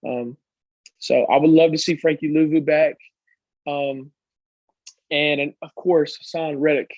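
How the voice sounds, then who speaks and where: A man's voice: on the high side, fairly even intonation, unhurried, a little mellow, no room sound, highs cut off. A man co-hosting a casual sports podcast, giving earnest opinions with many ums and restarts. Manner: earnest, lots of ums and restarts while making his case. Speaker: podcast co-host.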